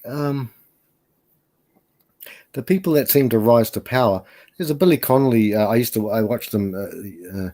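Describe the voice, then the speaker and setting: A man joins a live stream as a guest and talks in a casual, rambling way. He hesitates often and leans on fillers. His voice sits on the low side. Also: a little mellow.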